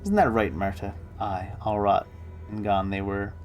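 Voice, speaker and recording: A man's voice: lowish voice, fairly even intonation, unhurried, lo-fi sound, faint music behind. Man putting on a grumpy muttering old seamstress. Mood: muttering, cranky. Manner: muttering, sing-song, talks to herself. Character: grumpy old woman seamstress who talks to herself.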